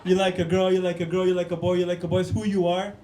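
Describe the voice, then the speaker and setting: High-voiced comic on stage. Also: male voice, level tone, fast talker, dark tone, slight background noise. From Canada. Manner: punchy, keeps calling the crowd "guys" and "man". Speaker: stand-up comedian. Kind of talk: stand-up comedy set. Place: comedy club stage. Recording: echoey room.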